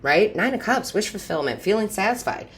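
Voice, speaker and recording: A woman reading tarot cards intuitively and speaking straight to her viewers in a chatty, upbeat way, with big swings in pitch and loudness. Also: animated, fairly quick, a little hiss or hum. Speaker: tarot reader and medium.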